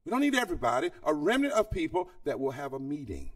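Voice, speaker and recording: A man's voice: fairly high pitch, sing-song, fast talker, hardly any pauses, breathy edge. A man preaching a sermon-style address at a conference, calling out to the audience and building to near-singing peaks. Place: large conference hall. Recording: voice picked up from far off the mic.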